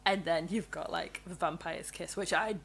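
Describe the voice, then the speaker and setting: A woman, co-hosting a podcast in casual, animated chat, speaking in quick bursts with frequent laughs and restarts. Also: lowish voice, creaky. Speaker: podcast co-host.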